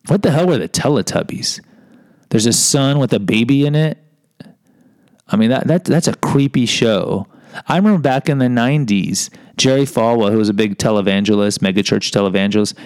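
A man in his fifties tells a personal story in a loose, wandering way, full of wry asides and self-mockery. His low voice is gravelly with fry and sounds close and dry, with no room around it. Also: a little mellow, no echo, poor audio. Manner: digressive, wry, self-mocking. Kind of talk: rambling personal storytelling monologue.

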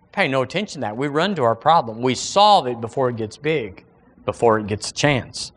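A man's voice: mid-range voice, lively intonation, moderate pace. A male pastor with a Southern American accent preaching a sermon, reading scripture in a lifted, dramatic voice between folksy, conversational asides. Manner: reads scripture aloud in a lifted, dramatic voice between plain remarks.

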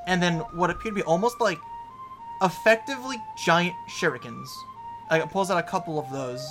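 A man's voice: high-pitched, brisk, over music. Casual, rambling game master man. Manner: casual, filler-heavy description. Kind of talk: narrating a tabletop game.

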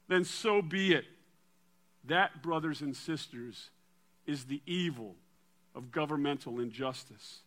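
A man preaching a sermon and reading scripture aloud in a dramatic way, dropping to a quiet low voice for emphasis. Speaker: pastor.

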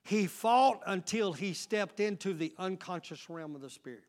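A male pastor preaching a sermon. He shifts between loud, emphatic exhortation and quiet asides, and keeps calling out questions to the congregation. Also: high-pitched, expressive, moderate pace. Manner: frequent call-outs to the congregation.

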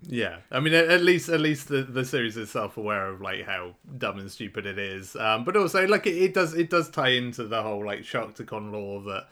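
Laid-back man, bright voice. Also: mid-range voice, expressive, fairly quick, few pauses. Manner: laid-back, chuckling, restarts often. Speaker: podcast co-host. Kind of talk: casual chat.

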